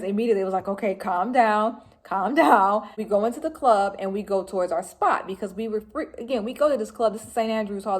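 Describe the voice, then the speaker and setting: A woman in her forties from Detroit telling a personal story to camera in a casual, animated way, laughing and breaking into shrieks as she relives it. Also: mid-range voice. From Detroit, Michigan, US. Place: home room with laundry behind.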